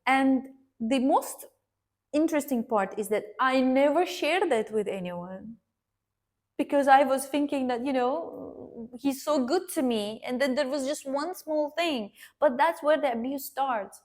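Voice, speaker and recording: A woman earnestly recounting a personal story to her viewers, addressing them directly and pausing to restart her sentences. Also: high voice, expressive, darkish tone. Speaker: vlogger sharing a personal story.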